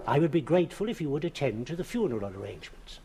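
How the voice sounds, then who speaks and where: A man's voice: fairly high pitch, very animated, vocal fry, background noise. An actor playing a polite, hesitant male undertaker in a 1970s television police drama. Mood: deferential. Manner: hesitant, deferential, halting.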